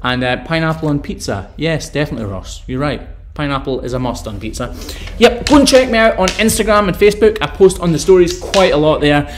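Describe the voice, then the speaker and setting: A man's voice: a little high, animated, a little fast, few pauses, slight background noise. A Scottish man hosting a live stream, reading out viewer questions and answering them in an upbeat, chatty way. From Scotland.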